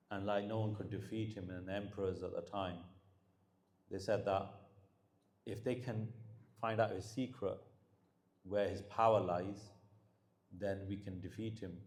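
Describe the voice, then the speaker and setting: A man's voice: deep voice, darkish tone, reverberant. A man giving a religious talk, telling stories and mixing English with Punjabi phrases, growing more emphatic as he preaches. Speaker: Sikh preacher.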